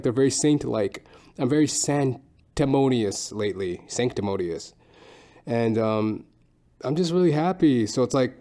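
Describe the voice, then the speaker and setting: A man with a mellow, mid-range voice, a stand-up comedian hosting his own podcast, delivers a loose, rambling monologue full of swearing and self-mockery.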